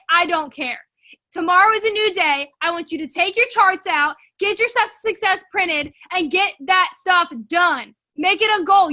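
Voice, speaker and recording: A young woman leading a sales team on a video call, giving an energetic, casual pep talk full of fillers and pushy motivation. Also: very high-pitched.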